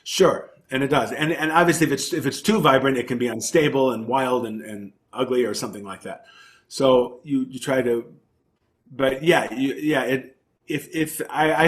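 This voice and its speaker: A man, a professional oboist, talking in an interview and explaining his craft thoughtfully with emphatic repetitions. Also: medium pitch. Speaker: principal oboist and oboe professor, interview guest. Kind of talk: conversational interview.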